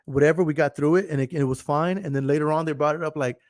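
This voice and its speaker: A man's voice: fairly high pitch, steady tone, racing, no room sound. Brash, swearing man in his thirties. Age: 30s. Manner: profane, emphatic, laughs often. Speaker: podcast host. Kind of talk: casual livestream monologue.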